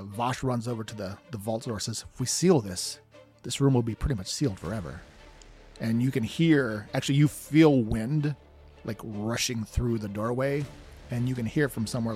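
A man's voice: lowish voice, darkish tone. A man narrating a tabletop game as game master, in a loose, rambling way with fillers.

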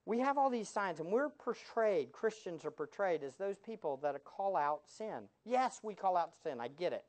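A man pastor preaching a sermon, animated, firing rhetorical questions at the congregation and dropping sarcastic asides. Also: high-pitched, normal speed, hardly any pauses.

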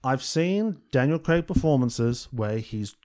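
A man's voice: medium pitch, lively intonation, measured pace, mellow. Casual guy rambling about movies on a podcast, lots of likes and laughing. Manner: rambling, filler-heavy, laughs often. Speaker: podcast co-host. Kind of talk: casual film discussion chat.

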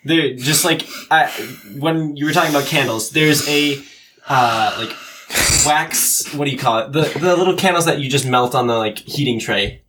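Young male co-host, halting word-searching speech, faint clicky noise behind. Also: on the high side. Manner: hesitant, searching for words. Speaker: podcast co-host. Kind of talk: casual group chat.

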